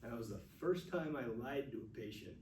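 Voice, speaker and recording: A man teaches first aid to a seated class, speaking in an earnest and candid way as he tells stories from his nursing work. His voice is mellow and warm in tone. He sounds some distance from the microphone in an echoey room. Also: medium pitch, expressive, a little fast, slight background noise. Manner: earnest, speaks openly about emotion. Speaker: first aid instructor, nurse. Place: classroom with audience. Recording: echoey room recorded from far off.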